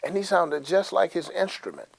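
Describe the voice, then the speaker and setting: A man's voice: high-pitched, sing-song, normal speed, vocal fry, breathy edge. A man teaching music to children, friendly and explaining simply, now and then showing ideas with sung syllables.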